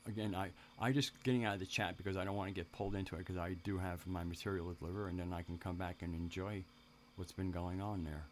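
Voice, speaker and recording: A man's voice: deep voice, steady tone, fast talker, hardly any pauses, darkish tone, a little hiss or hum. A man hosting a live stream, talking casually in a rambling way, with many restarts and asides to his viewers in the chat.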